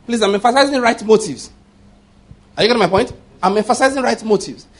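A man's voice: high-pitched, quick pace. A man in his fifties preaching a sermon with emphasis, repeating his points and checking that listeners follow.

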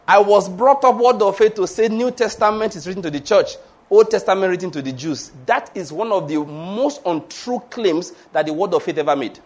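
A man's voice: high voice, normal speed. A man preaching a sermon, laughing often and acting out the voices of the people he quotes.

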